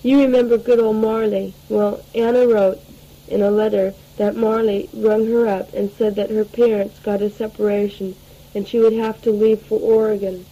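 A woman's voice: mid-range voice, level tone, moderate pace, muffled recording. A teenage girl rambling through a spoken audio letter to her family, full of fillers and restarts, taped at home. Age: late teens. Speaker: letter writer.

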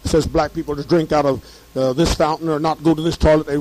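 A high-pitched man with a hoarse edge tells his story in a heated, profane monologue. He piles on curses and repeats phrases as he builds from a grumble to a shout. The delivery is fiery and unpolished. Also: level tone, quick pace, hardly any pauses, no room sound, rough recording.

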